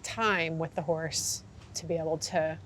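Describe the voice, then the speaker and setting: A woman horse trainer talks candidly in an interview, her voice sitting a little low. She tells stories in an animated, open way with plenty of fillers. A faint background hiss runs under the conversation. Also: a little slow. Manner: animated, acts out quoted reactions, frequent fillers.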